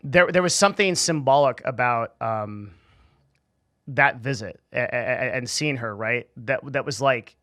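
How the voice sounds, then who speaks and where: A young man tells a personal story to camera in a loose, rambling way. He swears freely and keeps stopping to restart his sentences. His voice sits in an ordinary middle pitch, recorded dry and close with no room sound. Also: measured pace, sharp tone, no room sound. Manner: casual, swearing, many restarts and fillers. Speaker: channel host.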